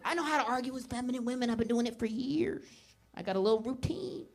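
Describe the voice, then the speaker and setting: A woman's voice: on the high side, fast talker, vocal fry. A woman from Maine doing stand-up, riffing loosely with the audience and swearing freely. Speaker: stand-up comedian. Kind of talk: stand-up crowd work. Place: comedy club stage before a live audience. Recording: live club recording with crowd laughter and noise.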